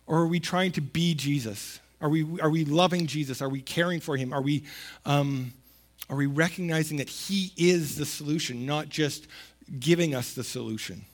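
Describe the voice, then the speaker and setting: A man giving a sermon in a conversational, emphatic way, repeating words for stress and reading scripture aloud. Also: on the high side. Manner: conversational preaching with emphatic repetition, rising to loud stresses. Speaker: pastor.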